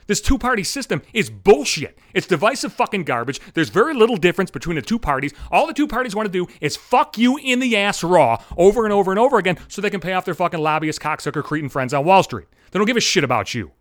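A man delivering a profane, angry rant straight at his viewers, swearing constantly and shouting at them. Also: sits high, big pitch swings, fast, hardly any pauses, no echo, clean studio sound. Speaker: video ranter.

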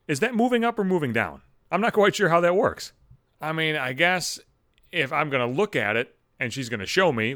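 A man hosting his own show, telling a profane comic story in an animated rant and swearing freely. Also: a little high, no room sound, clean studio sound. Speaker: host.

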